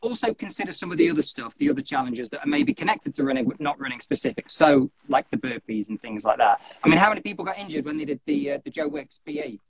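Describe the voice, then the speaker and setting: A young man hosting a running podcast, chatting in an animated, jokey way and often cutting into his own sentences. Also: fairly high pitch, fast, hardly any pauses, breathy edge, poor audio. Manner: animated, jokey, self-interrupting. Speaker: podcast host. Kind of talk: casual chat.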